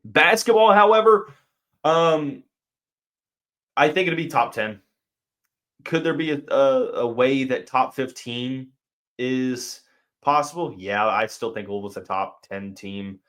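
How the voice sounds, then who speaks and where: A man's voice: mid-range voice, unhurried, long pauses, a bit bright. A young man hosting a sports podcast, chatting casually and thinking aloud with fillers and restarts. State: has the hiccups. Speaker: podcast host.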